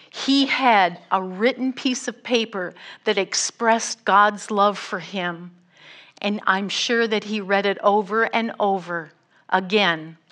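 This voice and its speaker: A woman's voice: medium pitch, a bit bright. A middle-aged woman missionary giving a sermon, telling a story earnestly. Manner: slow, earnest storytelling with acted quotes. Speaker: guest missionary speaker.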